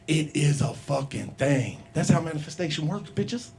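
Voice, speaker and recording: A man's voice: a little high, big pitch swings, moderate pace, gravelly, hardly any pauses, a little mellow. A middle-aged man doing open mic stand-up, rambling and profane, laughing at his own jokes in a small comedy bar.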